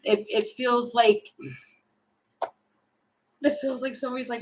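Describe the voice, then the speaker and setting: Animated woman giving a tarot reading. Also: fairly high pitch, unhurried, a little hiss or hum, poor audio. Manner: animated, thinking aloud with many fillers. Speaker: tarot reader.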